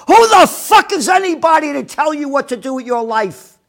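Furious, profane man ranting with wild pitch swings. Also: sing-song, normal speed, vocal fry, fairly bright tone. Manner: angry, profane, sarcastic, mocking quoted people. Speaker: commentator. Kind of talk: ranting news commentary.

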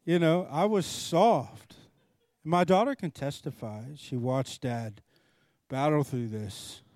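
Animated middle-aged man preaching, dry close sound. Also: on the high side, slow pace, no room sound. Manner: animated storyteller, acts out both sides of dialogue. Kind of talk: storytelling sermon.

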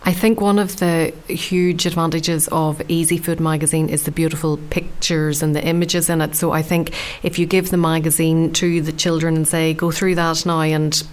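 A woman hosting a radio interview, asking questions in a steady conversational way. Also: deep voice, moderate pace, few pauses.

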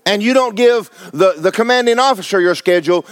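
A man's voice: sits high, lively intonation, a little fast, dry recording. A man preaching a blunt, exhorting sermon, firing rhetorical questions at his congregation. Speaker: pastor.

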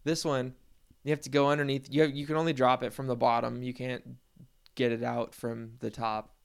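Casual male vlogger, mid-range pitch, smooth tone, rambling and profane. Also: level tone, a little fast. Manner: rambling, profane, self-deprecating storytelling with laughs.

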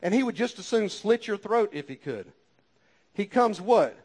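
A man's voice: sits high, animated, moderate pace, a little mellow, breathy edge. A man preaching a sermon with fervent, repetitive exhortations and folksy asides.

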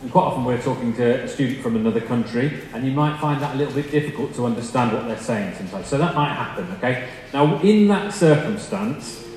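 A man's voice: mid-range voice, expressive, brisk, darkish tone. A young man preaching a sermon, telling funny stories in a chatty, self-deprecating way before turning to the scripture. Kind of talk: storytelling sermon. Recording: echoey hall with long reverb, faint noise.

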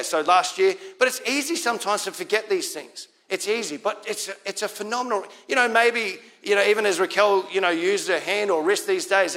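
High-voiced Australian pastor preaching. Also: male voice, a bit bright. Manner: conversational, repeats key lines for emphasis. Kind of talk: sermon.

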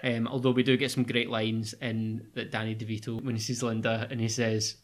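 Relaxed man recapping a movie. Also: on the low side, a little fast. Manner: recaps the plot, relaxed, chuckles. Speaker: film podcast co-host. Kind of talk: casual film chat.

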